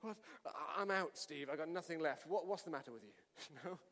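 High-voiced preacher in a reverberant hall. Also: male voice, fairly quick. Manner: animated storytelling, shouting at climaxes. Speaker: pastor. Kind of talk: sermon.

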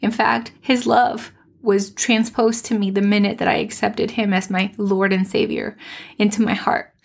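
Earnest woman with a gravelly fry. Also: medium pitch, level tone. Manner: earnest, heartfelt, soft-spoken with tender pauses. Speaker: podcast host. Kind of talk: personal faith testimony.

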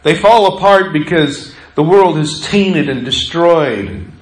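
A middle-aged man preaches a sermon in a loose, conversational way, drifting into personal stories and acting out the voices of the people in them. His voice sits a little high for a man. The sound carries the echo of a church sanctuary. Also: takes it slowly. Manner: storytelling, conversational, acts out quoted voices. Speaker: pastor.

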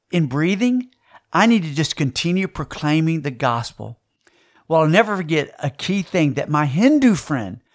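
A man, preaching a sermon and telling a personal story, with dramatic shifts in loudness and pace. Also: fairly high pitch.

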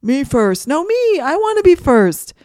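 Rowdy little snake schoolkids shout and squabble to be first in a storybook reading, as a woman puts them on. The voice jumps far up into a shrill squeak, loud and pushy, with wide swoops of pitch. It is recorded dry and close. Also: sing-song, measured pace, no room sound. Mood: bossy, shouting.

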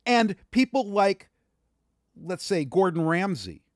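A man's voice: sits high, very animated, slow, dry recording, studio quality. A man co-hosting a podcast, arguing his point passionately and raising his voice in a heated debate. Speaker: podcast co-host.

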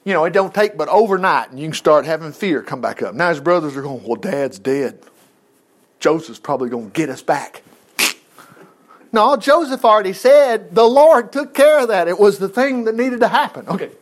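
A man's voice: sits high, very animated, a little fast, few pauses. A man preaching a sermon, reading scripture aloud and breaking in with folksy, laughing asides and acted-out voices.

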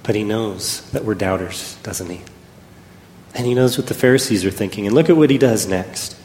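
A man preaching a sermon, telling a personal story and swinging between loud and hushed delivery. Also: lowish voice, moderate pace. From Texas. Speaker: pastor. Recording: echoey hall with faint ambience.

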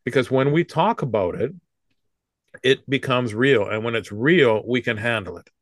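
A man's voice: mid-range voice, lively intonation, moderate pace, no room sound, clean studio sound. Man in his fifties, joking guest. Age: 50s. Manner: rambling and joking, with many restarts. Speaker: comedian and guest. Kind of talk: casual interview talk.

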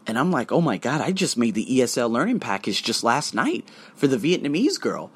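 A male English tutor tells a casual motivational story, playing both sides of each conversation and swearing freely. He is animated, with a mid-range voice, and talks briskly with few pauses. There is slight background noise.

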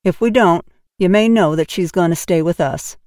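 A woman voicing a stern, brisk middle-aged spinster woman who speaks severely. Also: lowish voice, a little mellow, dry recording, clean studio sound, lightly acted. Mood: measured.

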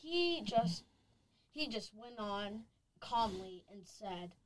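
A woman in a group discussion speaks haltingly, repeating words while searching for what to say. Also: medium pitch, very animated, slight background noise, poor audio. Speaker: group member. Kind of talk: casual chat.

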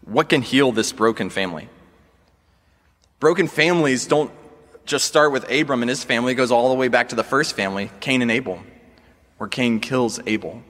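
A man's voice: mid-range voice, fairly bright tone. Earnest male pastor in a reverberant hall. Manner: earnest, measured, asks the congregation questions. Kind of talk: sermon.

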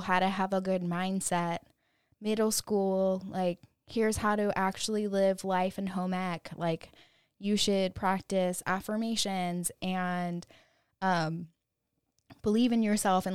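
Her medium-pitched voice clear and resonant, a thirtysomething host talks through a casual solo podcast episode in a candid, meandering way full of "like" and "you know." She swears freely at times, when quoting her younger self, and the sound is clean studio quality with no room sound.

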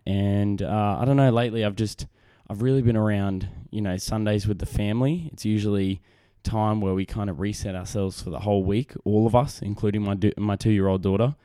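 Aussie bloke rambling on his podcast, low mellow voice, dry close mic. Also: no echo. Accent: Australian. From Australia. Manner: rambling, self-deprecating, frequent restarts and fillers. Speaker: podcast host. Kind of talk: casual solo podcast chat. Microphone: desk microphone on camera.

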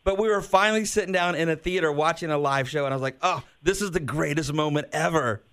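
A man in his fifties, a radio host, talking in a relaxed conversational way. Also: a little high, quick pace. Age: 50s. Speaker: radio interviewer. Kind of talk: casual interview chat.

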